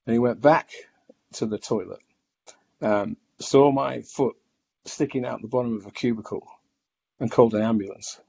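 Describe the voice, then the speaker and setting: A man telling his own story in a reflective, halting way, with many restarts and fillers. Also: mid-range voice, vocal fry, darkish tone, slightly rough. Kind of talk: personal testimony. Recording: dull lo-fi recording.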